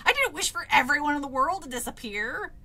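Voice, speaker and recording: A woman's voice: expressive, a little fast, bright, forceful tone, exaggerated voice. A woman voicing a furious, whiny twelve-year-old girl who shrieks her complaints. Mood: screaming. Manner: shrill, shrieking outbursts.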